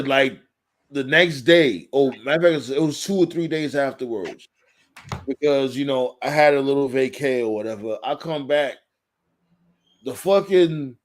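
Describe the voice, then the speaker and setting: A man hosting a casual talk show, telling a profane story and acting out quotes in a raised, animated voice. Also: a little high. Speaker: podcast host.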